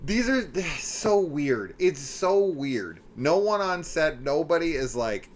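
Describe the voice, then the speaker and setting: Animated incredulous man reviewing movies. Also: on the high side, slow, hardly any pauses. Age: middle-aged. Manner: animated, incredulous, swearing, acting out scenes in quotes. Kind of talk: casual spoiler discussion.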